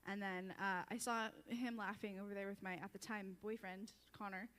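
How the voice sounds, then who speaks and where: A woman's voice: mid-range voice, fairly even intonation, normal speed, a bit bright, in a large hall. A young woman giving a chatty, self-deprecating farewell tribute at a church service, often breaking into laughter. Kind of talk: casual storytelling speech.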